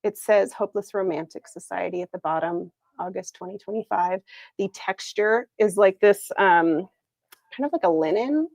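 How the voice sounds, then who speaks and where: A woman's voice: medium pitch, normal speed, vocal fry, a little mellow, dry recording. Chatty upbeat woman hosting a livestream. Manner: chatty and upbeat, laughs often. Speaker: planner shop owner hosting a livestream. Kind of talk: casual livestream product reveal. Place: Arizona.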